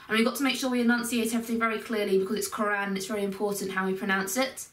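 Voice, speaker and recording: Woman, recitation teacher, patient careful explaining, drawn-out sounds, distant mic, roomy echo. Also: on the high side, steady tone, a bit bright. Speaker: Quran teacher. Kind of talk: step-by-step recitation lesson. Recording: echoey room, voice from a distance.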